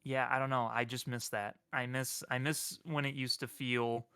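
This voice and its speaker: Man, livestream co-host, bright sharp tone, dry close sound, easygoing chat. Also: medium pitch, flat delivery, normal speed, smooth, no echo. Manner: easygoing, musing, with playful mock outrage.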